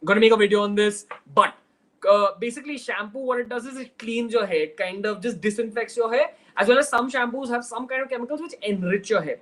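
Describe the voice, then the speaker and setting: A man's voice: very high voice, fast talker, fairly bright tone, rough recording. A young man from Mumbai with a Mumbai Indian English accent, hosting a casual livestream Q&A in a chatty, direct way and slipping into Hindi phrases. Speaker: host.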